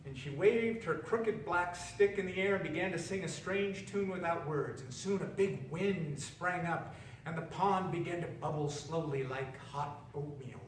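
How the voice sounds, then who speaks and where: A man reading a children's story aloud, expressive and slowing down for effect. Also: on the high side, a little hiss or hum. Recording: roomy echo, distant mic, faint ambience.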